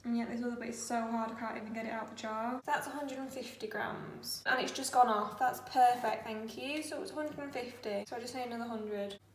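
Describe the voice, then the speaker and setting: Young girl chatting away while she bakes, kinda high voice, echoey kitchen. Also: steady tone, brisk, hardly any pauses. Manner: chatty, self-mocking, talks to camera while baking. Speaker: vlogger. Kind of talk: casual chatty baking vlog. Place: home kitchen. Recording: echoey kitchen with faint noise.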